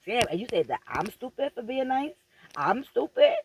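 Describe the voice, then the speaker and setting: A woman's voice: on the high side, big pitch swings, moderate pace, slightly rough, rough recording. A woman vlogger giving a profane, emphatic and preachy motivational rant straight to her viewers, repeating phrases for emphasis.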